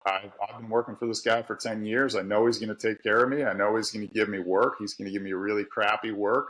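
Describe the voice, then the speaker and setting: A middle-aged man with a Pittsburgh accent, from that city, is a podcast guest, an author and tradesman who talks candidly and laughs often in casual conversation. His lowish voice is a bit bright, on a rough recording.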